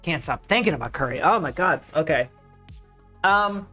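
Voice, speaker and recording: A woman streaming games, chatting casually and excitedly with her viewers, rambling and restarting her sentences. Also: deep voice, normal speed, faint music behind. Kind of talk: casual gaming stream chat.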